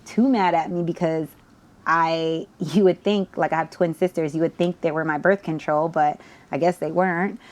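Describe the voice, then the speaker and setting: A young woman from New Jersey, a podcast host, telling a personal story in lively, slangy casual chat. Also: deep voice, moderate pace. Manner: animated storyteller, slangy, many "like" fillers.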